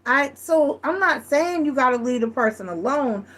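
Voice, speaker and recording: A woman's voice: high-pitched, expressive, normal speed, a bit bright. A woman giving a casual, frank tarot reading, chatty and full of restarts. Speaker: tarot reader.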